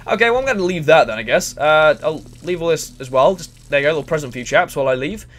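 A man giving crude, excitable let's play commentary and chatting to the characters in the game. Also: fairly high pitch, fast talker. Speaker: gaming channel host.

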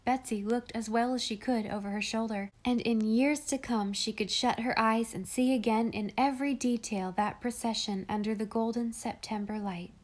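A woman reading a classic children's novel aloud in clear, measured storytelling. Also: fairly high pitch, fairly even intonation. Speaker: audiobook reader.

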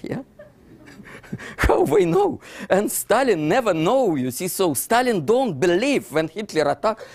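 A man's voice: high voice, husky. An older man from Russia with a heavy Russian accent, an author giving a book talk in broken English, full of fillers and "you see, so". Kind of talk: lecture presentation.

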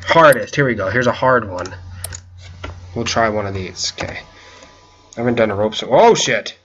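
A man giving casual gameplay commentary, frustrated and swearing loudly as he plays, while feeling unwell with a headache. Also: fairly low pitch, animated, normal speed, long pauses, muffled recording, slight background noise. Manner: frustrated, swearing, loud outbursts. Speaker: gaming video creator.

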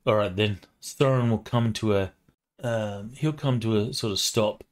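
A man's voice: on the low side, a little slow. A man playing a tabletop game, hesitantly describing what his character does. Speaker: player. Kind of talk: narrating his character's actions.

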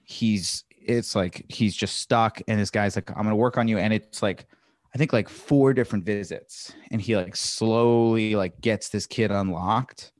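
A comedian guesting on a podcast, telling stories eagerly in casual chat with lots of filler words. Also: male voice, fairly low pitch, unhurried, no room sound, clean studio sound. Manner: enthusiastic storyteller, heavy on "like" fillers.

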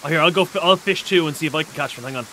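Excitable bright-voiced male game streamer. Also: on the high side, very fast, slight background noise, low-quality recording. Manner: excitable, reads out chat messages. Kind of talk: casual gaming livestream chat.

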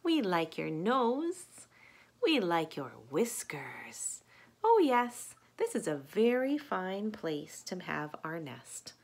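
A swarm of cheerful, stubborn bees from a children's picture book chants together in a lilting, sing-song voice, played by a woman reading aloud. The pitch swoops up and down, and a breathy edge runs through the whole delivery. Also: sing-song, slow, few pauses, a little mellow, full character voice. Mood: delighted.

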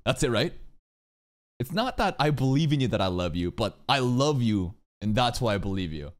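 A man casually reacting to an anime episode, excitable, restarting his sentences, swearing and laughing often. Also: on the low side, normal speed.

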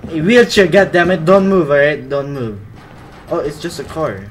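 A man's voice: fairly high pitch, moderate pace. A man playing a horror game and talking through it, swearing constantly and jumping at every scare. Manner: swearing constantly, jumpy and excitable. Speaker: player. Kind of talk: casual gaming commentary.

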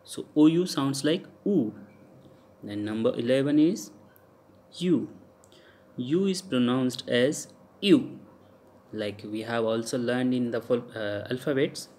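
Indian guy giving a french pronunciation lecture, super slow, repeats every sound, lots of uhs. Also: mid-range voice, a little mellow. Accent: Indian English. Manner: slow, repeats each example sound several times; hesitant, with frequent uh fillers. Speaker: French teacher.

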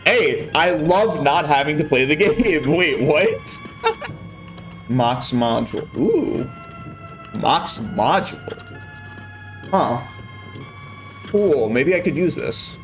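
A man's voice: on the high side, huge pitch swings, slow, faint music behind. A young man casually commenting on gameplay on a live stream, wry and a bit exasperated.

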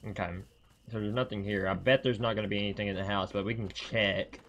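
Excitable, foul-mouthed man streaming a game. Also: fairly low pitch, fast talker, a little hiss or hum. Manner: profane, excitable reactions. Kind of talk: casual gameplay commentary.

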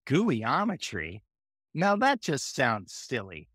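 Unhurried, animated man. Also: medium pitch, no room sound. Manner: animated, exasperated, playful. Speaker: podcast co-host. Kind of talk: scripted comedy banter.

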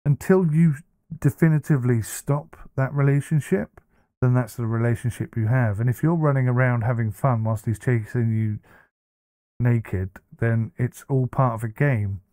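A man's voice: medium pitch, normal speed, dark tone, no room sound, clean studio sound. A man hosting a reaction commentary, talking bluntly and casually with many fillers and restarts. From United Kingdom. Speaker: commentary host.

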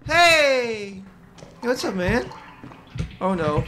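A man's voice: high voice, measured pace, noisy background. A man playing a co-op video game with friends in casual chat, yelping when startled and cooing baby-talk at a creature. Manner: excitable, yelps and baby-talk. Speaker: gamer.

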